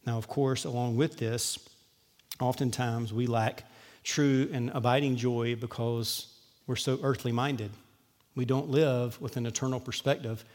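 A man's voice: mid-range voice, steady tone, a little slow, darkish tone. A man preaching a sermon in a casual, humorous style, slipping into quoted voices and jokes. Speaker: pastor. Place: church hall. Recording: long church-hall reverb.

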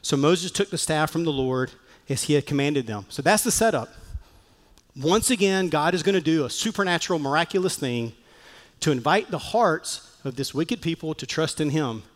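A man preaching a sermon as pastor, animated and acting out the voices he quotes. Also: a little high, moderate pace, long reverb tail. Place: church sanctuary.

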